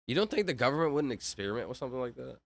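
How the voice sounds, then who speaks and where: A man's voice: mid-range voice, sing-song, very fast, gravelly, no room sound. A man chatting casually on a livestream, rambling and interrupting himself while reading chat aloud.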